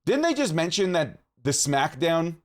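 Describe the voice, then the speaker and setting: A man's voice: fairly high pitch, very animated, measured pace. A man from Canada co-hosting a podcast, talking in a playful, jokey way. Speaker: podcast co-host. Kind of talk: casual chat.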